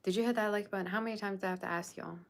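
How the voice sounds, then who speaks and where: Speaking very fast, this young woman hosting a tarot livestream has a medium-pitched, fairly bright voice with vocal fry and fairly even intonation. She chats casually and sassily ribs her viewers.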